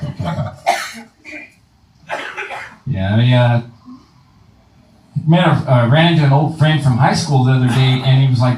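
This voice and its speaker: A man's voice: mid-range voice, measured pace, long pauses, darkish tone, a little hiss or hum. A man in his thirties doing a crude stand-up comedy set with lots of swearing, speaking to a live crowd from a club stage. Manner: crude, swearing punchlines with voiced asides. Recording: echoey club, mic at a distance.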